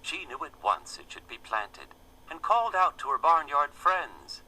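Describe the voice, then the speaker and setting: A man reads a children's fable slowly and expressively, his pitch rising and falling with great animation. His voice is bright and crisp, with a faint hiss behind it. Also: low-quality recording. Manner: gentle, expressive storybook reading. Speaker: storyteller. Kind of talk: reading a children's fable aloud.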